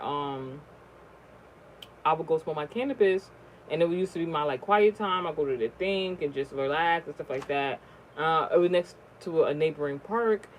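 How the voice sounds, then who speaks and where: A vlogger telling a personal story in a casual, rambling way, swearing often and restarting sentences, with the voice jumping high and loud at the shocking moments. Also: a little hiss or hum, poor audio. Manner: rambling, profane, many fillers and restarts.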